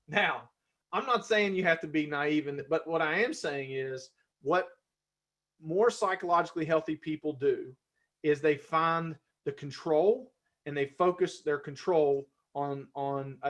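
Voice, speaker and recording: A man's voice: fairly high pitch, a bit bright. A man presenting a live-streamed workshop in a conversational way, restarting words and now and then getting fired up. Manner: conversational, self-correcting, gets fired up.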